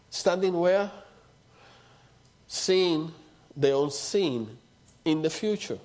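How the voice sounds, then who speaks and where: A high-pitched male pastor preaching to his congregation. He fires rhetorical questions and answers them himself. He moves from loud, emphatic phrases to low, almost hushed lines. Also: takes it slowly, pauses often. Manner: rhetorical questions with call-and-response; swings between loud emphatic and low quiet delivery. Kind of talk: sermon.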